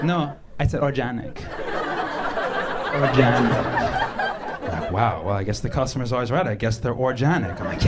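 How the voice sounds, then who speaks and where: Male stand-up comic, playful and mock-snobbish, lively swooping pitch, loud crowd on a live club recording. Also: very noisy. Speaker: stand-up comedian. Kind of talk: stand-up routine. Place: comedy club stage with live audience.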